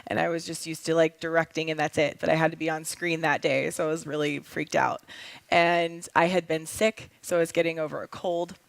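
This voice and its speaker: A woman's voice: low voice, level tone, a little fast, gravelly, no room sound. A young adult woman, a film director and actress, telling a story in a casual interview. She talks in a chatty way, with lots of fillers and laughs.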